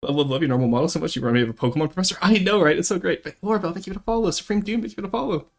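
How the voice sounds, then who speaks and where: A man's voice: high-pitched, racing, creaky. Chatty bilingual male streamer. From Ontario, Canada. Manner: chatty, switches between English and French, laughs often. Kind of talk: casual live-stream chat, reading chat aloud.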